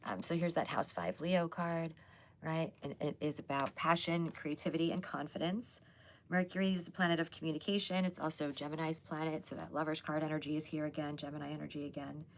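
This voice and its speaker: A woman hosting a casual live tarot reading, chatty and loose with lots of fillers, hoarse as she loses her voice. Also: deep voice, fairly even intonation, fairly quick, a little hiss or hum. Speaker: psychic tarot reader hosting a live stream.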